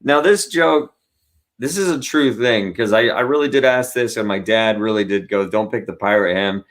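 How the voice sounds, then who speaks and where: A man, a guest comedian, chatting in an interview and telling stories with animated asides and quick voice impressions. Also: mid-range voice. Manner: animated storyteller who acts out voices. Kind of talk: casual interview chat.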